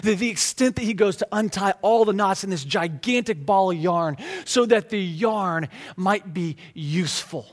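A man's voice: high-pitched, moderate pace, hardly any pauses. A man preaching a sermon in a conversational, emphatic way, often restarting and repeating words. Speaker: pastor.

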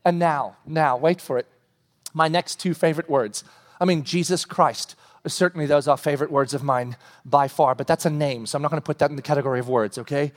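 Male pastor, high voice, lively sermon delivery, long hall reverb. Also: brisk. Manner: animated preaching, voices God and himself, shouts at peaks.

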